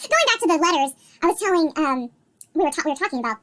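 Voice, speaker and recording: Woman podcaster reading tweets, super high lively voice, giggles and swears, noisy recording. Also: racing. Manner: giggly, swears casually, laughs through reading. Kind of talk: casual chat. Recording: loud background noise.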